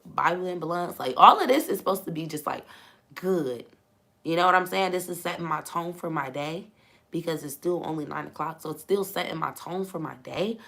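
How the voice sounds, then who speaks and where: Animated, slightly hoarse young woman. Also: low-pitched. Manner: animated, laughs often, talks straight to viewers. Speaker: live stream host and coach. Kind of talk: casual live chat with viewers.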